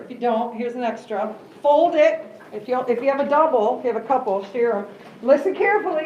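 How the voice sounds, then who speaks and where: A woman's voice: sits high, darkish tone, dull audio. A woman giving a classroom workshop as guest speaker, upbeat and joking while she gives directions, recorded from a distance in a classroom. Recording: echoey room from far off with hiss.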